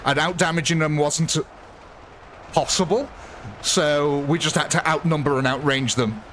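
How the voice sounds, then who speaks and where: A man's voice: on the high side, steady tone, a little slow, fairly bright tone, slight background noise. A man chatting casually on a live gaming stream, rambling and laughing often.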